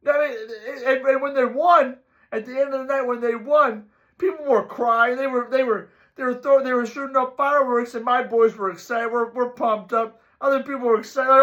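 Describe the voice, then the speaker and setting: A man's voice: very high-pitched, fairly even intonation, brisk, fairly bright tone, lo-fi sound. A middle-aged man hosting a sports show, ranting emphatically and repeating catchphrases to his viewers.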